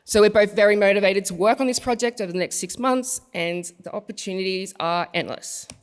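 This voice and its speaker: A woman's voice: medium pitch, brisk, smooth. Young woman giving an earnest student speech. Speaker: student speaker. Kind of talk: prepared presentation speech. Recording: long hall reverb.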